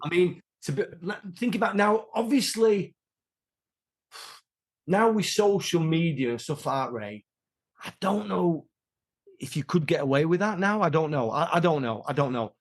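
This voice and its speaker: A man, an interview guest and martial artist, talking casually and telling animated stories from his past. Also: a little high, normal speed. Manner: animated storyteller, acts out quoted voices. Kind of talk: casual conversational storytelling.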